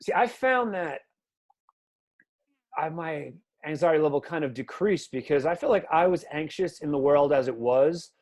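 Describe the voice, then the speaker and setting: Man in his 30s, podcast host, slightly high voice, loose rambling chat, filler-heavy. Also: expressive, normal speed. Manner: loose, rambling, says "like" and "you know" often. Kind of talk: casual chat.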